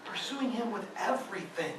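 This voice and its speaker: A man preaching in a high, bright, forceful voice, animated and conversational. He is caught from far off in a church hall with a strong echo, and a faint hum sits underneath. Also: moderate pace. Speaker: guest preacher. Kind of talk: sermon. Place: church sanctuary.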